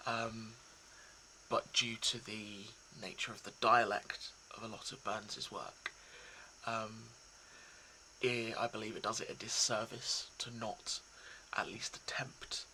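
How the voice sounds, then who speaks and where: Soft hesitant guy chatting to viewers, slow, lots of ums, faint background noise. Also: on the low side, level tone, low-quality recording. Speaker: poetry reader. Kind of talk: casual reflective talk to viewers.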